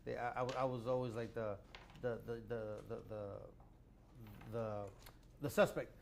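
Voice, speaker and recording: A man in casual chat, telling a story fast with stammering repeats. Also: mid-range voice, level tone, gravelly, slight background noise.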